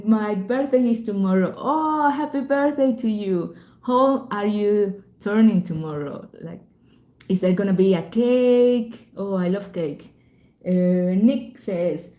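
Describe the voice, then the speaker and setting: A woman chats through a live stream in a mellow, unhurried tone. She reads out viewer comments, giggles easily and apologizes for rambling. Her voice rings a little in a roomy, echoing space. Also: on the low side. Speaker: channel host answering live chat. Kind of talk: casual live-stream chat.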